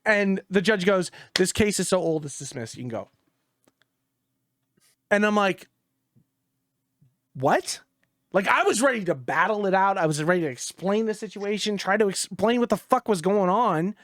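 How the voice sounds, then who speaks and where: A man co-hosting a gaming podcast, telling a story in casual chat, exasperated and profane, dropping low when he quotes others. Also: normal speed, a bit bright, no echo, studio quality.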